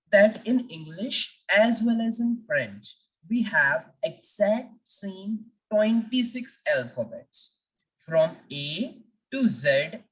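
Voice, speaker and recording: A woman teaching a French language lesson, speaking slowly and deliberately and repeating letters for practice. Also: mid-range voice, recorded from a distance, low-quality recording.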